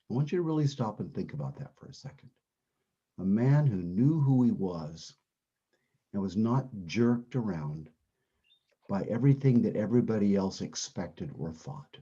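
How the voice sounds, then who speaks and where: A man's voice: low voice, dark tone, slightly rough, dull audio. A man teaching a Bible class, talking conversationally, asking the class questions and repeating his key phrases. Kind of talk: interactive class lesson.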